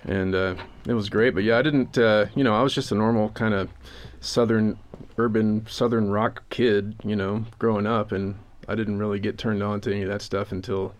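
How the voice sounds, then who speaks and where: A man's voice: on the low side, fairly even intonation, normal speed. A man from North Carolina, a band member, chatting in an easygoing, joking way in a radio studio interview.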